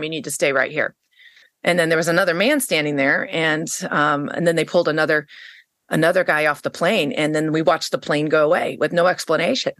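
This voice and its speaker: A woman guest on an interview podcast, telling a personal story in a casual, animated way, jumping into a higher pitch when she quotes people. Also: no echo, clean studio sound. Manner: frequent fillers and restarts.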